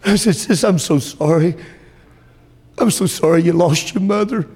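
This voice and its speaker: A male preacher in full sermon, his voice husky and set a touch high. He rises into shouted, fervent peaks, then drops low and quiet to press a point home. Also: normal speed. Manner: impassioned, swings between shouting and soft low passages.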